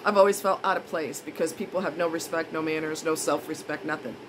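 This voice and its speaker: A woman's voice: low-pitched, steady tone, fast, a little hiss or hum, low-quality recording. A woman vlogger in a casual monologue, blunt and indignant, repeating her points for emphasis.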